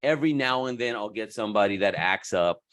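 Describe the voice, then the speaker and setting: A man coaching estheticians in a casual talk to camera, animated and slangy, sometimes jumping into high voices to quote people. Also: fast talker, smooth.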